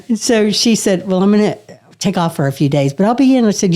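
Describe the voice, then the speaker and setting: A middle-aged woman, a guest on a podcast, telling a casual story with lively energy, laughing often and swearing now and then. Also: mid-range voice, normal speed, long pauses.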